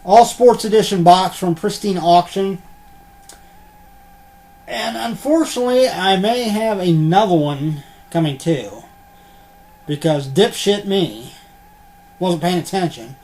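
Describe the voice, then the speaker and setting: Rambling, slightly higher-voiced man vlogging. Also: lively intonation, slow, long pauses, a little mellow. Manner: rambling, filler-heavy, mildly profane. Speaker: unboxing vlogger. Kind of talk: casual rambling unboxing chat. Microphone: computer webcam.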